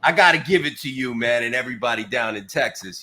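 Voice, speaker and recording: A man's voice: medium pitch, fairly quick, hardly any pauses, pushed and bright. Blunt, teasing New man host. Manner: blunt, swearing, teasing, many "uh" fillers. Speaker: podcast host. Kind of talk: casual trucking talk show. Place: Queens, New York.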